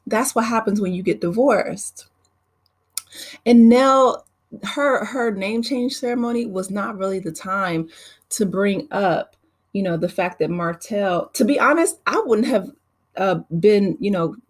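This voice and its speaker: A woman's voice: medium pitch, a little slow. A woman vlogger recapping a reality show in casual, chatty talk, with lots of "you know" fillers and opinionated asides.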